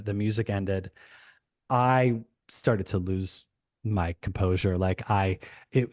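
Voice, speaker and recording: A man, a podcast guest, telling an animated story in casual talk, rushing and restarting his sentences. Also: on the low side, dry recording, studio quality. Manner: animated, rushed retelling with many restarts.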